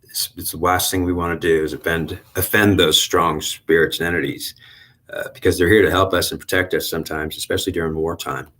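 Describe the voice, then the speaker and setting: A man giving a halting, rambling spiritual monologue with lots of restarts and repetition. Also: sits low, steady tone, a bit bright. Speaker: channel host.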